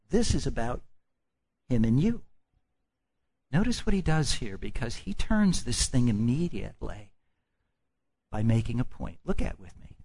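This is a man from the Midwestern United States preaching a sermon in a medium-pitched, slightly bright voice. He stretches out his phrases for emphasis and poses questions to the congregation.

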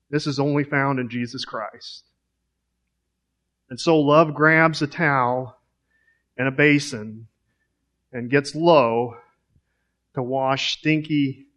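A man's voice: mid-range voice, fairly bright tone. A man preaching a sermon in a conversational way, asking rhetorical questions.

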